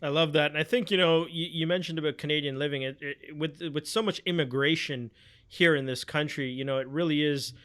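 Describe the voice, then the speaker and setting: A man hosts an interview, upbeat and encouraging toward his guest. His voice is fairly high and bright. His speech is smooth and clear. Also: fairly even intonation, fairly quick. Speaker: podcast host. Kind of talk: casual interview talk.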